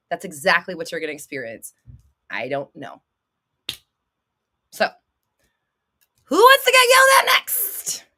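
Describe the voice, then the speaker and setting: A woman's voice: medium pitch, sharp tone. A woman in her thirties hosting a livestream, answering viewers' questions with blunt, swearing, dramatic outbursts and laughter. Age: 30s. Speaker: host.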